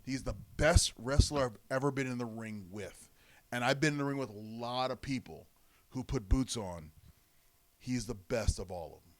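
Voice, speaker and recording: A former wrestler, a man, telling lively stories in an interview and acting out the quotes. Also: medium pitch, moderate pace. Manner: animated storyteller, acts out quotes. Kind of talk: storytelling interview.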